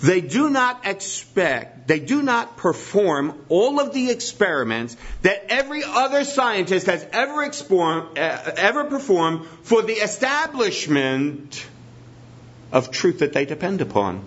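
A man's voice: sits high, sing-song, a little slow, fairly bright tone. A man preaching a sermon in a teacherly way, repeating his key points for emphasis. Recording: dull lo-fi recording.

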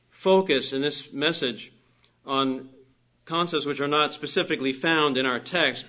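A man preaching a sermon, earnest and emphatic, lifting his voice on key phrases and dropping soft at the ends of sentences. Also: medium pitch. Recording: dull lo-fi recording.

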